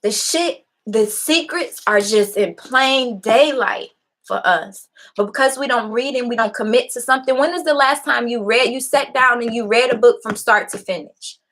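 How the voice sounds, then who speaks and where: A young woman with a fairly high voice talks straight to her audience as host. She sounds impassioned and preachy, and she swears freely as she drives her point home. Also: normal speed, a bit bright. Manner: impassioned, preachy, blunt and profane. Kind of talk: casual motivational talk to a live audience.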